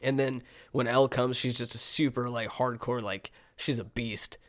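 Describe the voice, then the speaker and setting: A man in the middle of his range chats through a movie review, animated and eager. He piles on "like" and "you know what I mean" as he retells scenes, and his tone rises and falls with the story. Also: medium pitch, normal speed. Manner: animated retelling, heavy use of "like". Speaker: podcast co-host. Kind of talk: casual movie review chat.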